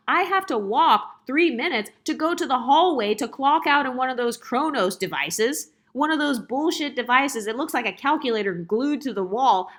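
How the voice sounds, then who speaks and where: A woman with a fairly high voice tells a storytime in a casual rant. She piles up rhetorical questions with sarcastic exasperation and a salty, profane edge. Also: fairly bright tone. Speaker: storytime vlogger.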